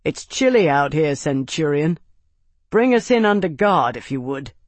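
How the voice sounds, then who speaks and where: A calm, wryly confident young captain, played by a narrator, speaking in an unhurried drawl that can rise into a commanding call. The voice stays near the narrator's own. The recording is close and dry. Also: male voice, fairly high pitch, no room sound.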